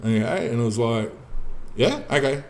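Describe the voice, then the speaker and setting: A man in casual spoken storytelling, profane and animated, acting out the dialogue as he tells it. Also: mid-range voice, normal speed. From Australia. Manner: profane, animated, acts out dialogue in his telling. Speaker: podcast guest telling a personal story.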